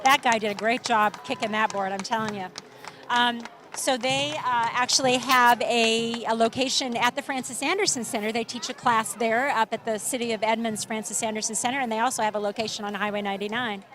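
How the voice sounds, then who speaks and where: A woman's voice: fairly high pitch, fairly even intonation, fairly quick, fairly bright tone, slight background noise. A woman giving live commentary on a street parade outdoors, chatty and reading from her notes, often correcting herself.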